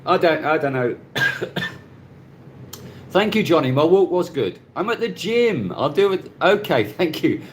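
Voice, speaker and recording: A man's voice: a little high, sing-song, measured pace, pauses often, slight background noise. A middle-aged man hosting a casual live stream from his phone, chatting and greeting viewers by name and laughing often. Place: Cebu, Philippines.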